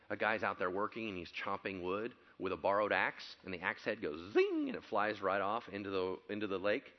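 Animated preaching pastor, muffled recording. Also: male voice, fairly low pitch. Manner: animated storyteller, acts out quotes, climbs to loud excited preaching. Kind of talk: sermon.

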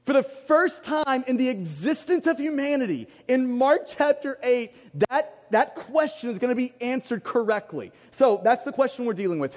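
A man's voice: extremely high pitch, a little mellow, in a large hall. A male pastor preaching a sermon to a congregation, emphatic and repeating his key questions.

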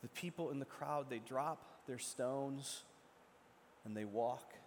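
A male preacher retelling a story in a sermon with dramatic shifts between loud and hushed delivery, recorded with a long echo. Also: medium pitch, slow, slight background noise. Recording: long echo from a large hall.

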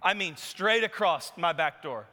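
A man preaching a sermon, telling a story with animated, emphatic delivery. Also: high-pitched, measured pace. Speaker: pastor. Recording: long hall reverb.

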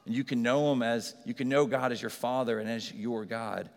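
A man preaching an Easter sermon as a pastor, swinging from loud and urgent to quiet and soft. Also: mid-range voice, steady tone, brisk, gravelly, few pauses. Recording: hall reverb.

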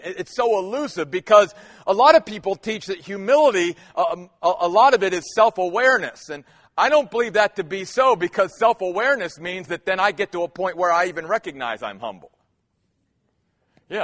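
A male pastor preaching a sermon, emphatic and animated, asking the congregation rhetorical questions. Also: high-pitched, a little fast, in a large hall.

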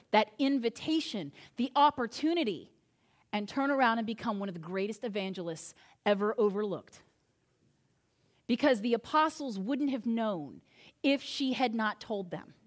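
High-voiced woman preaching a lively sermon. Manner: animated storytelling with casual humor asides.

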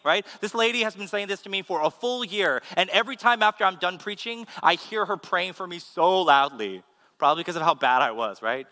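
A man, a pastor, giving a sermon with animated, humorous storytelling. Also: high voice, fast talker. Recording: long hall reverb.

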